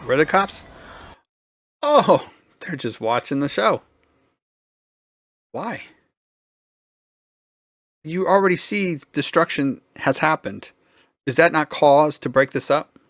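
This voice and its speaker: A man's voice: fairly high pitch, animated, slow, pauses often, fairly bright tone, no room sound, studio quality. A man hosting a reaction commentary, talking casually with sarcastic, muttered asides and frequent swearing. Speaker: commentary channel host.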